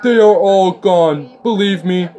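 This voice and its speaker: A man putting on a boastful male politician, with slow, emphatic bragging and noise from a crowd behind. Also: high voice, warm tone, voice pushed up.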